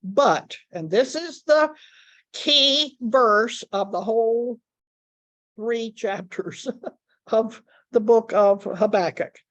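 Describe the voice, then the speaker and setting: A woman teaching a Bible study lesson, speaking deliberately and repeating key words for emphasis. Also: fairly high pitch, lo-fi sound.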